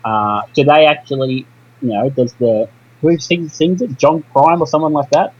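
A man's voice: a little high, moderate pace, darkish tone, slightly rough. A man co-hosting a casual podcast, speaking in a hesitant, questioning way. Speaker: podcast co-host. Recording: dull lo-fi mic.

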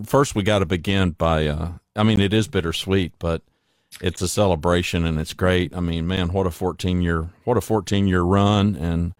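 Deep-voiced male co-host. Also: no room sound, studio quality. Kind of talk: casual live-stream chat.

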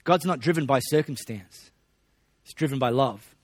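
A man preaching a sermon in a relaxed, conversational way, with joking asides to the congregation. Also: medium pitch, moderate pace, no room sound. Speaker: pastor.

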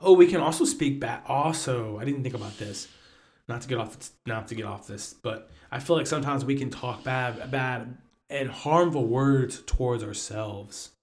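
A man's voice: medium pitch, normal speed, darkish tone. A young man co-hosting a casual Bible study chat, easygoing, with short reactions and many fillers. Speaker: podcast co-host.

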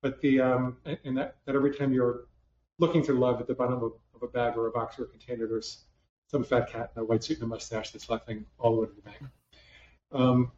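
A man's voice: medium pitch, level tone, fast talker, a little mellow, a little hiss or hum. A man, a psychologist, giving a conversational talk to a live audience with self-deprecating humor and many restarts, recorded in a hall. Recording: roomy, distant, dull lo-fi hall sound.

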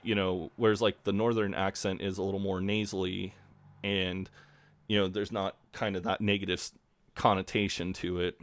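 A man with a Midwestern American accent and a fairly low voice chats on a podcast. The sound is dry and close, and he rambles easily, leaning on "um" and "like.". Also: level tone, moderate pace, no room sound. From Midwestern United States. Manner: rambling, laid-back, many fillers. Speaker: podcast co-host. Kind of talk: casual podcast chat.

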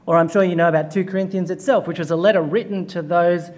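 A man preaching at a chapel service, his voice sitting a little higher than most men's. He opens with a humorous story, then moves into a sermon. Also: fairly even intonation, quick pace, darkish tone.

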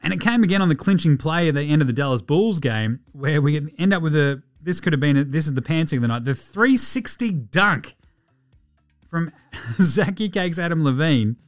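A man's voice: on the high side, expressive, moderate pace, faint music behind. An Australian man hosting a podcast, giving a casual, chatty rundown of basketball games, swearing freely as he goes. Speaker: podcast host.

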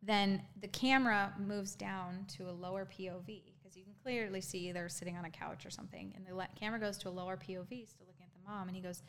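A woman guest in an interview telling her own story candidly, halting, with frequent ums and restarts. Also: mid-range voice, fairly even intonation, a bit bright, a little hiss or hum.

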